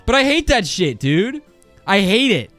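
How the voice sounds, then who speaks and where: A man's voice: high-pitched, very animated, measured pace, a bit bright, soft background music. A man in his twenties ranting casually on a livestream while he plays a game, swearing a lot and full of fillers and restarts. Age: 20s.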